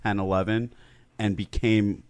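A man's voice: lowish voice, level tone, a little slow, darkish tone, clear, resonant tone, dry recording. A man who is a comedian guest on a podcast, making wry, sarcastic and self-pitying jokes. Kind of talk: casual comedy podcast banter.

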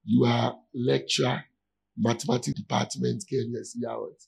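A man's voice: mid-range voice, flat delivery, normal speed, creaky, slightly rough, rough recording. A man preaching as a pastor in a conversational sermon, often checking in with his listeners to see if they follow.

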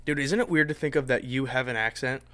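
Bright young man on a dry podcast mic. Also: medium pitch, quick pace, no echo. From Pennsylvania, USA. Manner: laid-back, profane banter. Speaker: podcast co-host. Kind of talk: casual podcast chat.

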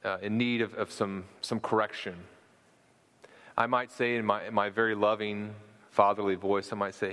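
A man's voice: fairly low pitch, level tone, normal speed, fairly bright tone, in a large hall. A man preaching a sermon in an earnest, argumentative way, often restarting and repeating words as he builds his point.

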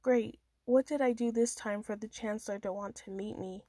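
A woman's voice: a little high, steady tone, normal speed, dark tone, dry recording. A woman reading her own first-person story aloud in a casual amateur manner, with small stumbles and restarts.

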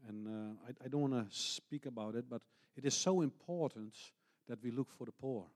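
Earnest and unhurried, a middle-aged missionary pastor tells stories in a heartfelt sermon, often restarting his words. His English shows non-native phrasing. His pitch is in an ordinary middle range, and his voice is a little mellow.

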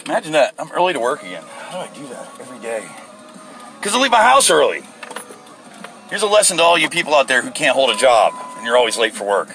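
A man's voice: medium pitch, very animated, quick pace, bright, forceful tone, soft background music, poor audio. A middle-aged man hosting a casual solo podcast from his car, telling a rambling story and acting out the people in it with mock voices. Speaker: podcast host. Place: in a car, at a gas station.

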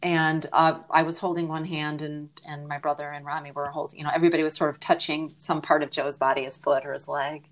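A middle-aged woman, interviewed on a podcast as a grief advocate, tells a personal story in a low, flat voice, fairly quickly and with few pauses. She sounds earnest and reflective, at times dropping nearly to a whisper.

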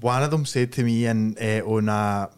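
A man's voice: lowish voice, normal speed, a little mellow, clean tone. A Scottish man co-hosting a podcast, joking and laughing in casual chat. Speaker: podcast co-host.

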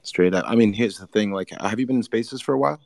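Fast-talking man hosting a casual chat. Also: lowish voice, vocal fry, no room sound. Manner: animated, quick storytelling with lots of "like". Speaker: podcast host. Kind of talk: casual conversation.

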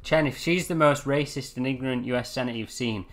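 A man's voice: medium pitch, quick pace, fairly bright tone. A man hosting a casual chat show, running the segment in a jokey way. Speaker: podcast host.

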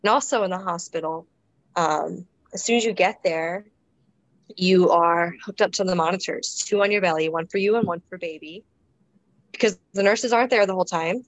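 A woman's voice: on the low side, normal speed, dry recording, poor audio. A woman guest in a casual interview, talking reflectively with many restarts and fillers. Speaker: guest describing her births.

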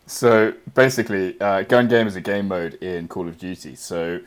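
A man's voice: low voice, moderate pace, clean tone. A man chatting on a podcast, explaining things and teasing his friends. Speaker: podcast co-host. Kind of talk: casual chat.

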